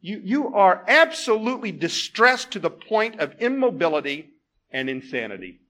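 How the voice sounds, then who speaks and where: Male preacher, fairly high voice with a wide, animated range. He is emphatic and asks rhetorical questions. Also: moderate pace. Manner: emphatic, swings from loud exclamations to hushed tones. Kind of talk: sermon.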